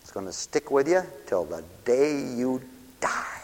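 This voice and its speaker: A man in his fifties preaching a sermon at a church service. He talks plainly and folksy, and swings from loud shouted peaks down to hushed near-whispers. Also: medium pitch, expressive, measured pace, creaky, long reverb tail. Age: 50s. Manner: folksy, plain-spoken delivery.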